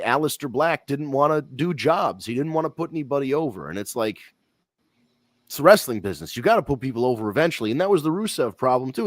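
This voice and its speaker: A man's voice: mid-range voice, no echo. A man talks shop on a wrestling podcast in a blunt, rambling way, swearing as he goes. His voice sits in a middle range. The sound is close and dry, with no room around it. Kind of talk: casual wrestling talk.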